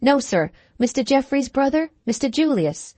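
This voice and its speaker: A woman's voice: high voice, sing-song, moderate pace, warm tone, no echo, voice pushed up. A woman doing a deferential male servant. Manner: polite and apologetic.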